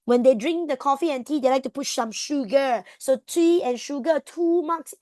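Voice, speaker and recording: Malaysian woman tutor, high voice, dry close sound, quizzes her class as she goes. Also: moderate pace, dry recording. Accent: Malaysian English. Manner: animated, code-switching, drills students with questions. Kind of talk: exam revision lesson.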